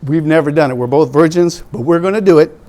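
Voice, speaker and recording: A pastor in his fifties talks to young people with an animated, teasing style. His voice sits fairly high for a man and jumps around as he tells stories. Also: fast talker. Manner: animated, joking, conversational storytelling.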